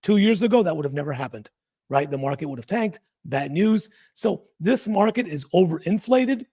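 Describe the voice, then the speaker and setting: Guy doing a trading video, gravelly husky voice, kinda high, gets really animated. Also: normal speed. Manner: animated, emphatic, often asks rhetorical questions. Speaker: trading channel host. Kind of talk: casual market analysis talk.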